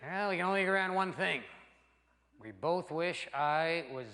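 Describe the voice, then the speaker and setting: A man doing a stand-up routine, animated and crude, acting out voices for his punchlines on a live stage. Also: on the high side, moderate pace. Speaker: stand-up comedian. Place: theater stage before a laughing audience. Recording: live stage with long reverb and loud noise.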